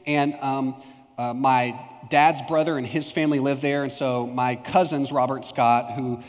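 A man's voice: medium pitch, steady tone, normal speed. A young adult male pastor from Texas preaching a conversational sermon, telling a personal story and acting out remembered lines. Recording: long hall reverb.

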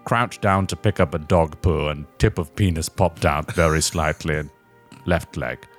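A man doing a deadpan British shipping forecaster. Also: faint music behind. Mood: mock-solemn. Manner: slow, low, mock-solemn reading. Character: mock British shipping forecaster, droll and rambling.

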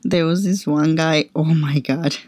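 A woman's voice: deep voice, unhurried, no echo. A woman co-hosting a podcast, telling stories in a casual chat and acting out quoted lines. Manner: animated storytelling, acts out quotes. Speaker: podcast co-host.

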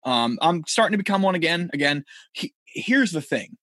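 A man's voice: fairly high pitch, expressive, normal speed, pushed and bright, no room sound. A man from Connecticut co-hosting a casual podcast, rambling and joking, with casual swearing. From Connecticut, USA. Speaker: podcast co-host. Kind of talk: casual chat.

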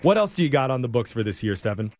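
A man's voice: medium pitch, very animated, quick pace, a little mellow. A man hosting a radio game show, reading trivia questions in a playful quizmaster manner.

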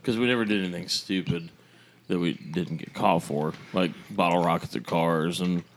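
A man with a lowish voice telling stories in relaxed podcast talk. His delivery is chatty and easygoing. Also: normal speed, a little hiss or hum. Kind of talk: casual podcast storytelling.

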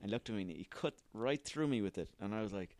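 A man's voice: fairly low pitch, animated, quick pace, darkish tone, dry recording. A man hosting a solo comedy podcast, sweary, rambling and self-mocking. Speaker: podcast host.

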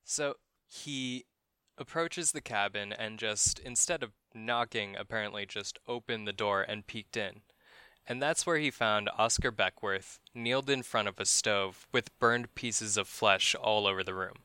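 Male podcast host, true-crime storyteller; low-ish, bright, smooth voice; casual, wry and profane. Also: unhurried, no room sound. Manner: profane, wry, laughs at grim details.

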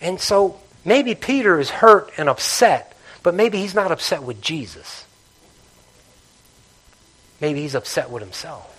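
Male pastor, sermon in church, slightly high, bright voice, surges loud then drops to hushed asides. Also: lively intonation, measured pace, long pauses, husky. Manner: impassioned preaching, swinging between loud emphasis and hushed intimacy.

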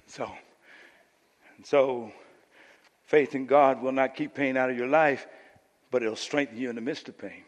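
A male pastor preaching a sermon, building to impassioned shouts and urging the congregation with "come on now.". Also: mid-range voice, steady tone, measured pace, long pauses. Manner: call-and-response "come on now". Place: church sanctuary. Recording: church hall reverb.

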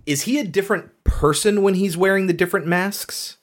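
A man hosting a casual podcast chat about a horror film, chatty and quick to laugh. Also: sits high, slight background noise. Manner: conversational, quotes film lines, laughs easily. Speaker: podcast host.

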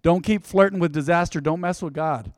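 A middle-aged male pastor giving a conversational sermon, dropping to a near hush and then surging loud. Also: on the high side, fairly quick, no room sound, clean studio sound.

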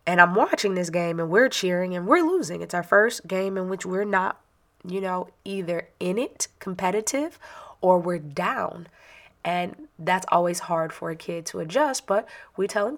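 A woman in her thirties, a parent, telling a personal story in an animated, chatty, self-mocking way. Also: fairly low pitch, moderate pace.

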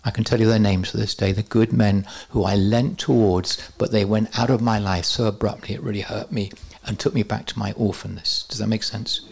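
A man's voice: on the low side, steady tone, a little fast, vocal fry, hardly any pauses, darkish tone, slightly rough. A man teaching at a church conference, with joking, self-deprecating asides to the audience. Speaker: preacher.

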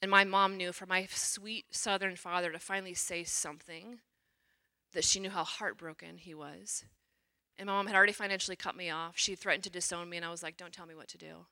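A woman's voice: lowish voice, brisk. A middle-aged woman, a religious sister, giving a personal testimony talk and acting out the quotes with animation. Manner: animated storyteller, acts out quotes.

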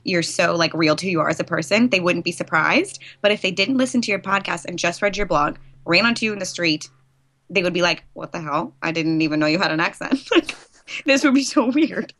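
A woman co-hosting a podcast, excitable and giggly, with lots of filler words. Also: lowish voice, brisk. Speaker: podcast co-host. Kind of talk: casual podcast chat.

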